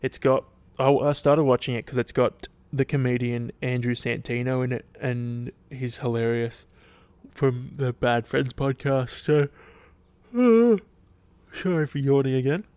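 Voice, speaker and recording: A man's voice: medium pitch, flat delivery, moderate pace, a little mellow, smooth, no room sound. Sweary, rambling Australian man. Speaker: podcast host. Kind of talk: casual solo chat.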